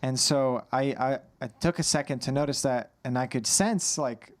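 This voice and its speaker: A man answering questions as an anxiety coach on a live Q&A, a little on edge, calmly guiding listeners through a breathing exercise. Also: mid-range voice, moderate pace. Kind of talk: live Q&A advice.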